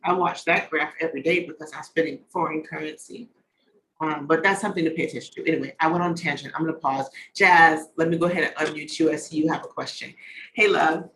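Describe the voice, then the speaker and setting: A man's voice: a little high, steady tone, quick pace, sharp tone, slight background noise, low-quality recording. A man hosting an online conference over a video call, chatty and slangy, drifting off on tangents as he talks. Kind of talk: casual talk on a video call.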